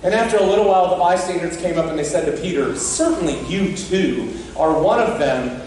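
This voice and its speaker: A pastor with a fairly high voice preaches an Easter sermon in a church sanctuary, speaking conversationally and often checking in with the congregation. The distant mic captures a very echoey room with slight background noise.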